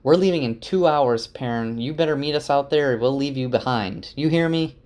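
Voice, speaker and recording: A man's voice: mid-range voice, normal speed, darkish tone, voice pushed up, close to an everyday voice. A man voicing a defiant, proud young woman who scolds sharply. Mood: bossy.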